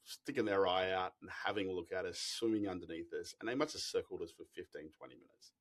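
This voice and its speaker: An Australian man telling travel stories in a casual interview, animated, with frequent restarts and bursts of laughter. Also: low-pitched, quick pace. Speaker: expedition company founder, guest.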